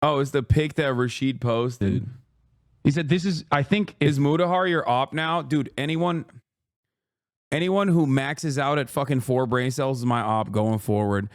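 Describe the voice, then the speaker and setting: A man's voice: mid-range voice, unhurried, dry recording, clean studio sound. Profane, ranting male streamer. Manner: profane, heated ranting with sarcastic mockery. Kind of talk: live stream commentary.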